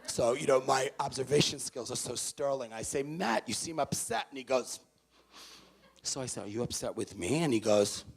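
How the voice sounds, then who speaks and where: A man's voice: mid-range voice, moderate pace, breathy edge. A man speaking to parents at a university, telling an anecdote and acting out both sides of the conversations. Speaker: university student affairs staff speaker. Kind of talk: storytelling talk to parents. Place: university venue, in front of parents.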